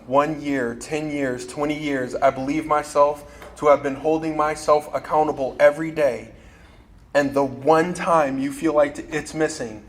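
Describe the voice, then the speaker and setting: A man's voice: fairly high pitch, slight background noise. A man giving a motivational keynote speech to a staff audience in a large event room, telling stories and joking with the crowd. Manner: animated storyteller, joking with the audience. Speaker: keynote speaker.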